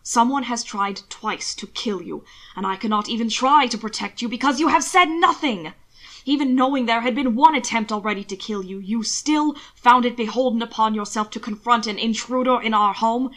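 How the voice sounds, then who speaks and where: A woman voicing an anguished, commanding aristocratic husband in an audiobook reading of fan fiction, speaking low and intense and sometimes dropping to a hiss. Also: normal speed, fairly bright tone, close to an everyday voice. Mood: alarmed anger.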